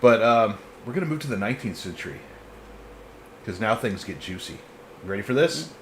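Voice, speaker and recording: A man's voice: fairly low pitch, lively intonation, brisk, a bit bright, a little hiss or hum. A man hosting a live history podcast in a casual, joking way, often laughing between points. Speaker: podcast host presenting the topic.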